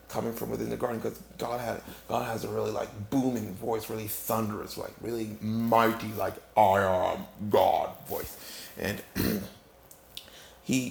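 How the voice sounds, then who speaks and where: Brief: male comic storyteller, very gravelly voice, loose rambling delivery, echoey room. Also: mid-range voice, a little hiss or hum. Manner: casual, filler-heavy, rambling with many restarts. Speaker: comedic storyteller. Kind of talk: rambling comedic monologue.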